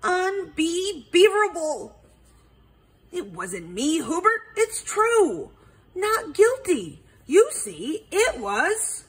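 A woman's voice: very high-pitched, big pitch swings, drawn-out words, voice pushed up, exaggerated voice. A woman voicing a huffy female beaver in a storybook read-aloud. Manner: huffy, indignant.

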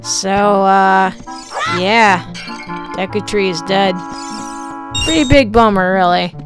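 A woman's voice: mid-range voice, takes it slowly. A young woman talking casually over a game she is playing, joking, swearing and stammering. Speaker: gameplay streamer. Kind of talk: casual let's play commentary. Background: game music.

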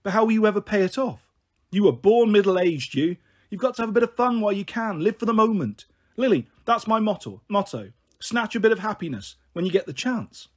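A brash young mum, as a husky male reader puts her on, loud and bantering, jumping from scolding to teasing. She sits high and swings her pitch about, in an audiobook reading. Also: animated, a little fast. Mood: breezy.

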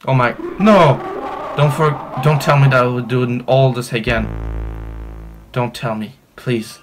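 A man doing let's play commentary, excitable, swearing and bursting into shouts. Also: mid-range voice, measured pace, music in the background. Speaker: gaming youtuber.

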